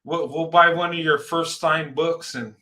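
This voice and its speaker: A man with a high, bright voice talks earnestly and encouragingly. He often stumbles and repeats words. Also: steady tone, a little slow. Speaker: host. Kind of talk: casual conversation.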